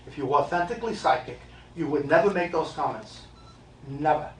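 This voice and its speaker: A man's voice: a little high, expressive, brisk, slight background noise. A man working as a medium, talking live to an audience in a blunt, emphatic way, repeating his points with joking asides. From United States. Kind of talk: live stage talk to an audience. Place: live event hall. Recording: echoey room, mic from a distance.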